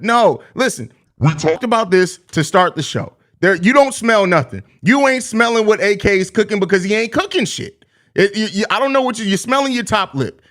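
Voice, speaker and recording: A man's voice: high-pitched, animated, a little fast, a bit bright. A young man hosting a live sports podcast, reading viewer comments and joking in loose, profane slang. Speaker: podcast host.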